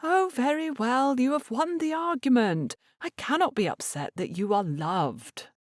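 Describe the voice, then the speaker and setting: A woman reading as a proud and stubborn Regency mother, clipped and weary, her voice lifted well above the narration and swinging widely in pitch. It sounds dry and close, with no room around it. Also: expressive, measured pace, dry recording. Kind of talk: audiobook character reading.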